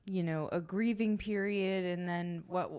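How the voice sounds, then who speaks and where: A woman's voice: fairly low pitch, steady tone, unhurried, a little mellow, clear, resonant tone. A woman hosting a podcast, playfully asking her guests questions. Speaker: podcast host, interviewer. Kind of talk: casual interview.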